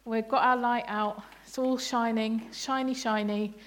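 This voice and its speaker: A woman leads a bible study at a church service, speaking in a slightly high, light voice. She is playful and chatty, quizzing children and parents and laughing between points. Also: steady tone, unhurried. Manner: playful, laughing, asks the congregation questions. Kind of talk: interactive family sermon.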